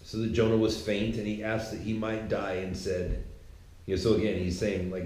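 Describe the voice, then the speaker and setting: A man casually retelling a Bible story in a slangy, animated, conversational way. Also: lowish voice, moderate pace. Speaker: podcaster. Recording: echoey room.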